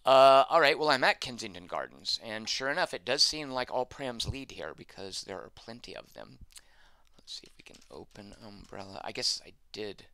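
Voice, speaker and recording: A wry, sarcastic man streams a text adventure and reads the game's prose aloud. His voice is bright and forceful and swings widely in pitch. It sounds dry and close, with no room sound. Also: lively intonation, moderate pace, dry recording. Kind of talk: live game commentary, reading game text aloud.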